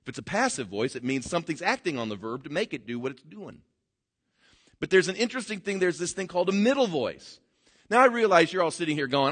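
A man preaching a sermon, animated, swinging between loud emphatic bursts and quiet, drawn-out words. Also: a little high. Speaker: pastor.

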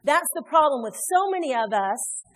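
A very animated, high-voiced woman from Indiana delivers a sermon at normal speed. Standing in a church sanctuary full of long hall reverb, she preaches emphatically and gives each quoted person their own voice.

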